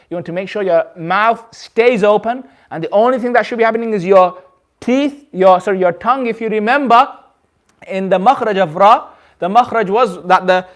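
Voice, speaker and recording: British guy teaching recitation, kinda high voice, patient, says every sound over and over, keeps asking "okay?". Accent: British English. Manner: patient, repeats and demonstrates sounds, checks understanding often. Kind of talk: classroom tajweed lesson.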